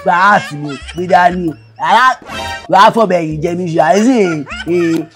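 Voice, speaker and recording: A man's voice: high voice, a little slow, a bit bright, soft background music. A man with a Nigerian accent playing a young boyfriend who plots a prank and then accuses his girlfriend dramatically in a comedy skit. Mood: accusing. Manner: mock-accusing, dramatic, repetitive.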